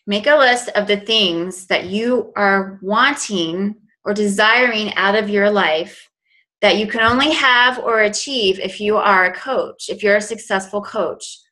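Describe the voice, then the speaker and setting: A woman's voice: mid-range voice, measured pace, pushed and bright, rough recording. A woman in her forties giving a motivational business coaching talk, earnest and conversational with lots of "you know". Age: 40s.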